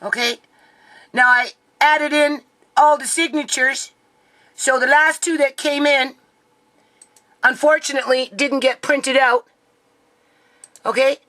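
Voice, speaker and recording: Tearful bright-voiced woman vlogging. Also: sits high, steady tone, slow, pauses often, no room sound, poor audio. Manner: repeats "okay" and "people", near tears. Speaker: grieving mother and vlogger. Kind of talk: emotional to-camera vlog.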